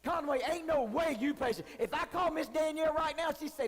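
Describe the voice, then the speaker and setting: A man's voice: very high voice, animated, brisk. A man preaching as a youth pastor, joking and candid with the young crowd. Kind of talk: sermon. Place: church hall. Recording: long hall reverb.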